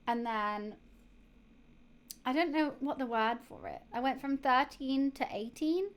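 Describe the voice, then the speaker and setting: Young female streamer, high-pitched, hiccuping, rambling casual chat. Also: a little slow. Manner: rambling, with many fillers and restarts. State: has the hiccups. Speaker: live streamer.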